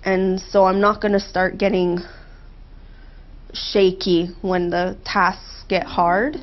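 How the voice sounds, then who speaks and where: A woman as a therapy client, speaking in a heartfelt, halting way with emotional pauses, on a dull lo-fi recording. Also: medium pitch, level tone. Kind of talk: emotional therapy role-play.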